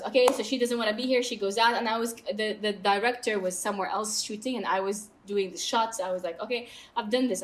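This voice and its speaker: Outspoken Saudi woman, emphatic podcast guest. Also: medium pitch. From Saudi Arabia. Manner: outspoken and emphatic, quick asides. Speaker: guest, mountaineer. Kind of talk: candid podcast interview.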